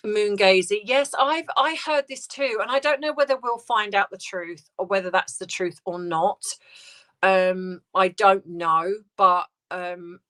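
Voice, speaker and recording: A woman hosting a casual livestream, reading out viewer comments and answering in a soft, hesitant, sympathetic way with many restarts. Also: medium pitch. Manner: sympathetic, tender replies to viewers.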